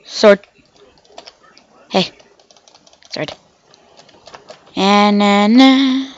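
A woman with a medium-pitched voice draws out her words over lo-fi sound. She hosts a gaming channel, chatting loosely as she plays and addressing herself and the game animals. Being sick leaves her sounding off.

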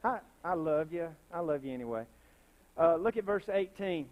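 A male pastor preaches with real fire in a church sanctuary, his high-pitched voice surging into loud, passionate outbursts. He's expressive and keeps a moderate pace, repeatedly asking the congregation to respond and bear witness. The high frequencies in the audio are cut off.

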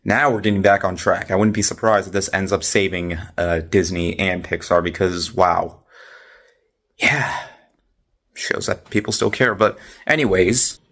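A man's voice: low-pitched, measured pace, fairly bright tone. A man chatting casually in a monthly vlog, rambling with lots of fillers and restarts. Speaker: vlogger.

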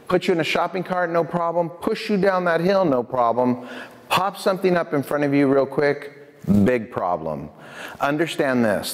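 Animated male youth speaker in a reverberant hall. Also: fairly high pitch. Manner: animated storyteller, asks the audience questions, laughs often. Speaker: prevention specialist and youth speaker. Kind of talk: lively talk to students in a church hall. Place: church hall.

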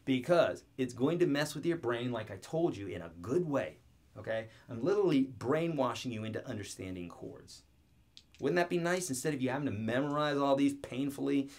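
A man's voice: medium pitch, expressive, fairly quick, a little mellow. A man teaching guitar chords in an online video lesson, upbeat and joking as he talks straight to the viewer.

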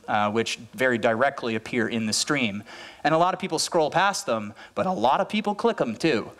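A man's voice: mid-range voice, a bit bright. Man giving a conference talk, many restarts. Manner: loose, repeats words and restarts often. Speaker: conference speaker.

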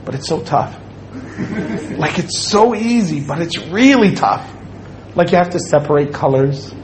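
A man's voice: on the high side, lively intonation, measured pace, slight background noise, low-quality recording. A man giving a humorous Islamic lecture to an audience, joking and acting out little scenes as he speaks. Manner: joking, playful storytelling with acted-out quotes.

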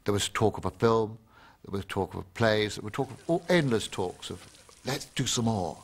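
A man recalling his work in an interview in a reflective, measured way. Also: fairly low pitch, animated, vocal fry.

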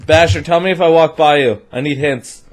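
A man's voice: on the high side, fairly quick. A young man gaming and joking with friends in casual, teasing banter, laughing often. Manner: jokey, teasing, laughs a lot. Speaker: gamer.

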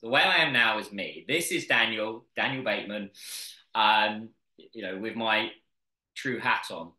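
A man's voice: fairly low pitch, measured pace. A man from the UK with a standard British accent, a guest telling stories energetically in a casual interview, often restarting his sentences. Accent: standard British English. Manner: energetic storyteller with frequent restarts. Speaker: podcast guest, content creator. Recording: roomy echo.

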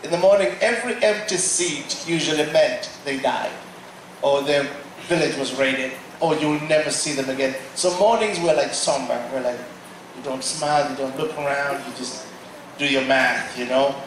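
A man giving a lively sermon testimony in a large church hall, acting out the voices in his story, heard from far off. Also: medium pitch, moderate pace, background noise. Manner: animated storytelling, acting out quotes. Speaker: guest speaker.

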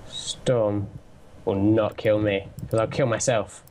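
A man's voice: lowish voice, level tone, slow, a little mellow, a little hiss or hum. A young man chatting casually while gaming, with a dry, sarcastic way of joking, on a headset mic. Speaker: co-player.

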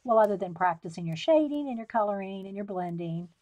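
A woman's voice: medium pitch, lively intonation, fairly quick, mellow. A woman hosting a live coloring tutorial, chatting casually, laughing often and answering viewers by name. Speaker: coloring tutorial livestream host.

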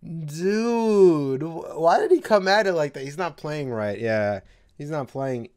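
A young adult man hosting an anime reaction, talking in slangy, excitable bursts with loud outbursts and frequent laughter. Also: on the high side, takes it slowly.

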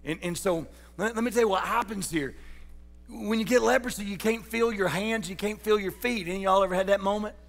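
A man's voice: sits high, fairly quick, creaky, long reverb tail, soft background music. A man preaching a sermon as pastor, folksy and joking, putting questions to his congregation. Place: church sanctuary.

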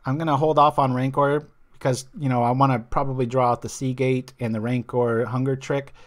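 A man's voice: mid-range voice, little pitch movement, a little fast. Rambling man commentating a card game. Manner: chatty, rambling, loses his train of thought; reads viewer chat aloud. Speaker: stream host.

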